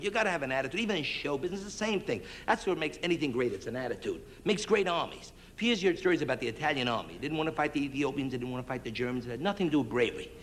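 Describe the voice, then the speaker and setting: A man's voice: fairly high pitch, a bit bright. A man doing a brash stand-up comedy routine on a 1960s TV variety show, slipping into mock accents.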